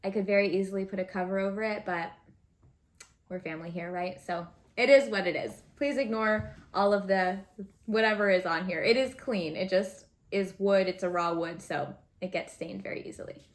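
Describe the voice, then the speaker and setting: A woman's voice: medium pitch, moderate pace. A woman giving a casual, chatty tarot reading to her viewers, thinking aloud with fillers as she pulls cards. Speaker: tarot reader.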